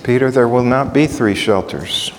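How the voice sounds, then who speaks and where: A man's voice: medium pitch, normal speed, slight background noise, pitched below the performer's own voice, natural voice. A man voicing a firm, solemn divine male voice speaking from a cloud. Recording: echoey hall.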